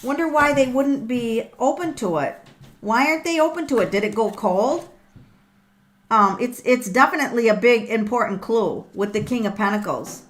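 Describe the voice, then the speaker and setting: A middle-aged woman with a high voice hosts a live tarot reading. She is excitable and thinks aloud, full of ums and repeated words. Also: normal speed. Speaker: tarot reader and livestream host.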